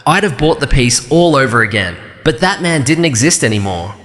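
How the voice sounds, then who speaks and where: A man narrating a first-person story in a calm, even, measured way. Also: medium pitch, big-room sound.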